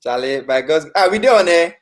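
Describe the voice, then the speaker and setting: A man's voice: on the high side, fairly quick. A man with a Ghanaian accent joining the stream, joking and chatting with the host. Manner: lively, jokey, in Ghanaian Pidgin. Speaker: guest. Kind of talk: casual chat.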